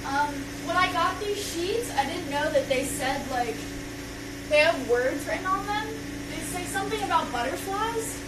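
High-voiced young woman chatting on a livestream. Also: animated, moderate pace, heavy background noise. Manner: chatty and rambling, talks while tidying up. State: out of breath. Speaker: social media creator. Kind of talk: casual livestream chat. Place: bedroom.

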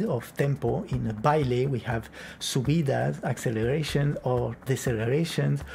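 A man's voice: medium pitch, gravelly, dark tone, slight background noise. A man teaching flamenco rhythm, explaining plainly and counting beats aloud with sung rhythm syllables. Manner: plain explanatory talk with occasional Spanish words.

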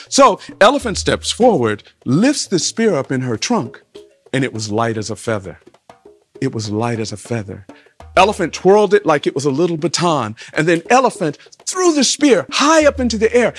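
A man telling a folktale to listeners, with rhythmic refrains and big shifts in pitch and volume. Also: sing-song, normal speed, soft background music. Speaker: storyteller.

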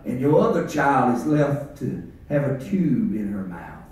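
A man preaching an impassioned revival sermon in a church, swinging between shouts and hushed, low stretches. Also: very animated, measured pace. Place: church sanctuary. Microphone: distant from the mic. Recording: echoey church from far off.

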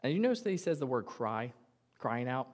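A man preaching a sermon from the pulpit in a mid-pitched voice. He keeps it conversational and jokey and often acts out little quotes as he goes. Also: big pitch swings, brisk. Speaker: pastor. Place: church sanctuary.

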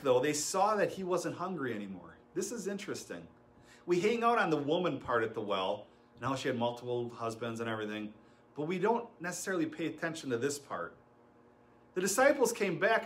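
A man's voice: on the high side, very animated, fairly quick, fairly bright tone. A middle-aged man preaching a sermon as pastor, telling stories with laughs and acting out quotes.

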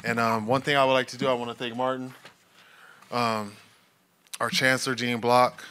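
A man at a press conference speaks with fervent, earnest emotion in short bursts. His mid-range voice sounds bright and forceful. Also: medium pitch, level tone, moderate pace, slight background noise. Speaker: new head football coach.

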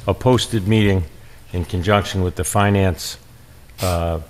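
A man chairing a town board meeting, speaking in a measured, procedural way with frequent fillers. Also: sits low, fairly even intonation. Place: town hall meeting room.

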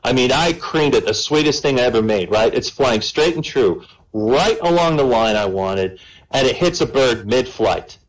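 A man's voice: medium pitch, moderate pace, low-quality recording. A man telling a long joke at an online comedy night, adding "right?" after his lines. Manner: animated storyteller, keeps adding "right?". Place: online voice chat comedy show.

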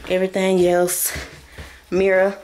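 A woman's voice: mid-range voice, completely flat delivery, a little slow, a little mellow, slight background noise. Chatty woman vlogger touring a house. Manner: chatty, addresses viewers as y'all. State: out of breath. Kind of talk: casual vlog house tour. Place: large rental house, indoors.

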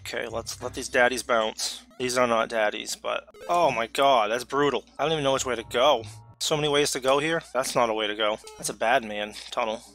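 A man giving live commentary while playing a video game, excitable, talking to himself and letting out sudden yelps. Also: medium pitch, a little fast, vocal fry, soft background music.

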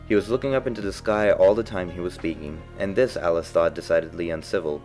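A man narrating a classic storybook in a measured, expressive reading. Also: deep voice, soft background music, rough recording.

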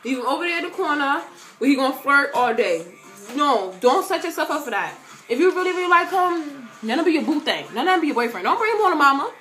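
A woman's voice: sing-song, fast, soft background music. Chatty teen girl vlogging from her bedroom. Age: teens. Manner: chatty, joking, dramatic swings in loudness and pitch. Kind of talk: casual Q&A vlog talk. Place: bedroom at home.

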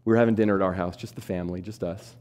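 A man's voice: deep voice, racing. A man in his forties giving a keynote talk on stage, telling a personal story, asking the audience questions and acting out the voices of the people in it. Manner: animated, acts out quoted voices, asks audience questions. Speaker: keynote speaker. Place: stage before a live audience.

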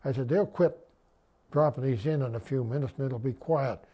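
Man in his nineties, veteran storyteller, mellow warm tone, rambling restarts, wry humor, voices quoted dialogue. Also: medium pitch, moderate pace, slightly rough. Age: 90s. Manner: animated retelling, lifting his voice for quoted dialogue. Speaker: WWII veteran interviewee. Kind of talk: oral history storytelling.

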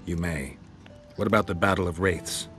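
Deep-voiced grim monster hunter, terse and dry. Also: male voice, moderate pace, fairly bright tone, soft background music.

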